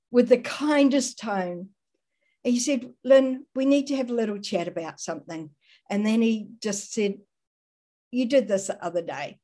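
A woman giving a sermon-style Christian teaching in a measured, earnest way, building long lists of examples. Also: a little high, mellow.

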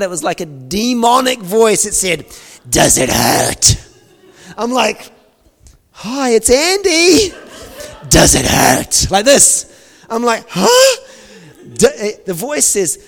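Man preaching, storytelling sermon, hushed then loud, long hall echo. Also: medium pitch. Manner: animated, swings from hushed near-whispers to loud exclamations. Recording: reverberant hall.

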